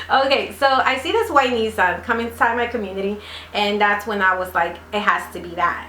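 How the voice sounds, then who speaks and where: A woman's voice: mid-range voice, moderate pace, pushed and bright, a little hiss or hum. Chatty woman vlogger in a roomy room. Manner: chatty, rambling, many fillers. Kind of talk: casual storytime. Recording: roomy echo.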